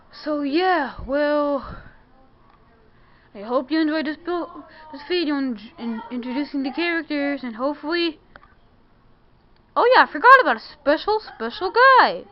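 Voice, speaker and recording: A woman voicing an excitable, boastful toy bird who stumbles over his words and bursts into shouting, in a muffled home video. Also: high voice, moderate pace.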